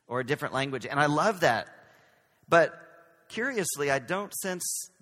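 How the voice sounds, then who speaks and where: A man's voice: mid-range voice, sharp tone, in a large hall. A man from Texas with a light Southern accent, preaching a conversational sermon as pastor, with self-deprecating humor. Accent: Southern American.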